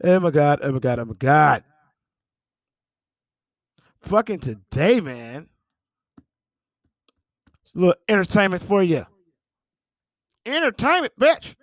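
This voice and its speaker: Man, podcast host, celebrity gossip, high voice, slow unhurried delivery, profane and exclaiming. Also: lively intonation, no echo, clean studio sound. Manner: profane, exclaiming and laughing over headlines. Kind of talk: casual celebrity gossip commentary.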